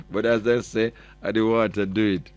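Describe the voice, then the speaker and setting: The speaker is a Jamaican-accented man with a lowish voice, recorded with no room sound. On his morning radio show he reads listener messages, blends patois into his English and jokingly teases the people tuning in.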